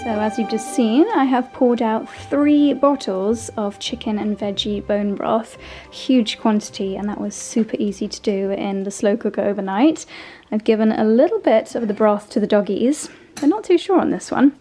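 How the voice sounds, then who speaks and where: Soft music plays beneath a young woman's dark-toned, high-leaning voice as she vlogs at normal speed. Moving between her country home and its garden, she chats to camera about her day in a gushing, affectionate way.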